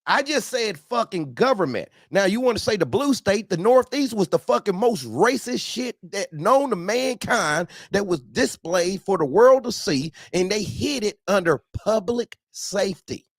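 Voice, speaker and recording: On a talk show, a man rants angrily, swearing constantly and repeating himself as he gets heated. His high-pitched, sing-song voice runs at normal speed with few pauses, recorded cleanly in a studio with no echo.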